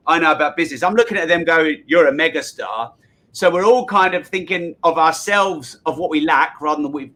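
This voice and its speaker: Man, podcast guest, earnest repetitive motivational talk, fairly high voice. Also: bright, forceful tone. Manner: earnest, repetitive, sermon-like emphasis. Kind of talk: motivational business chat.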